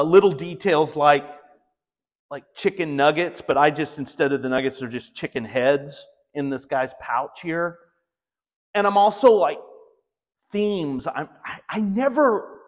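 A man giving a casual gallery talk about his artwork, rambling and restarting his sentences as he tells stories. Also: on the high side. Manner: rambling, self-interrupting, animated storytelling. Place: art gallery. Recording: long reverb of a gallery hall.

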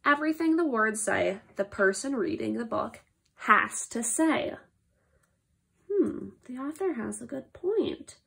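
A woman reads aloud to young children in a teaching tone, her high voice climbing and dipping with lively swings. She takes her time, lingers on words, and plays up mock shock at every ridiculous line, with a gravelly fry at the ends of phrases. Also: a little slow. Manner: playful, exaggerated reactions to silly words. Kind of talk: read-aloud lesson for children.

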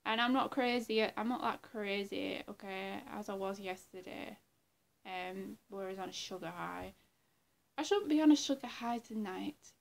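A woman's voice: mid-range voice, normal speed, gravelly. A woman vlogger chatting casually to her viewers, rambling and giggly and trailing off into murmurs, with a throat infection. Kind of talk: casual vlog chat.

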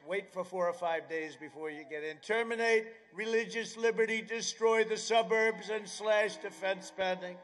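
A man giving a political rally speech outdoors at an airfield. He rambles, drifts into sarcastic asides, and bursts into shouting. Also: high-pitched, slight background noise. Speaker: campaign speaker.

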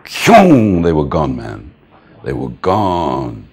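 An older man with a very low, deep voice tells stories in an interview. He is animated and laughs easily. He slips into the voices of the people in his tales. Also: a little slow. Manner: animated storyteller, laughs often, acts out the people he quotes. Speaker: music manager interviewed. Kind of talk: anecdotal interview storytelling.

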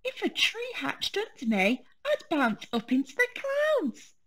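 A woman voicing an earnest little boy bear cub in a storybook, high and squeaky with excitement. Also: takes it slowly, full character voice. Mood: eager.

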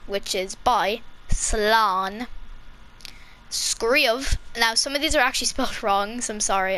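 A woman's voice: medium pitch, sharp tone. A young woman from Ireland with an Irish accent, chatting casually as a kids YouTuber, rambling and giggling with lots of ums. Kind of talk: casual vlog talk.

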